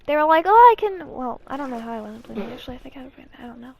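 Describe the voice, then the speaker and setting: A woman's voice: a little high, rapid-fire, gravelly. A woman hosting her own channel, telling stories in a rambling, casual way with restarts and acted-out quotes. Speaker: channel host. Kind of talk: casual storytime chat.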